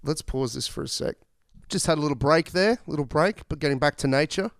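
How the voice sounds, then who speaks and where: Aussie podcast host swearing his way through a story, smooth voice, dry. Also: on the high side, brisk, dry recording. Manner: rambling, profane, laid-back. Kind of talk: casual storytelling chat.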